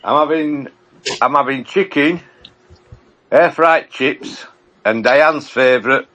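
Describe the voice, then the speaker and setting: A man's voice: medium pitch, takes it slowly, pushed and bright, poor audio. A man, a regular guest on a fan podcast, talking in a plain-spoken, rambling way. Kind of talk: casual fan podcast chat.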